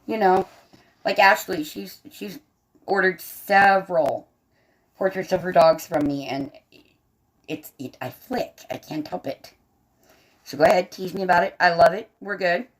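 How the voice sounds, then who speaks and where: A woman's voice: fairly low pitch, a little slow, pauses often. A woman with a faint Southern American accent, chatting casually to her livestream audience from bed while she colors, laughing often and answering the chat. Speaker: livestream host and artist. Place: bedroom, propped up in bed.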